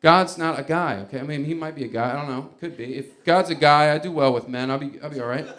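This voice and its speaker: A man's voice: on the high side, fast, a bit bright. Rambling stand-up comedian, man. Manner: rambling, conversational, laughing at his own bits. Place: comedy club stage before a live audience.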